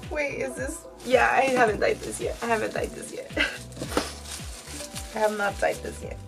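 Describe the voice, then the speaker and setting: A woman's voice: a little high, very animated, slow pace, vocal fry, over music, low-quality recording. A woman in her thirties chatting candidly to her viewers while she dyes her hair, fillers all through. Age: 30s. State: tearful at times. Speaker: vlogger. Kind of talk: casual chat while dyeing her hair.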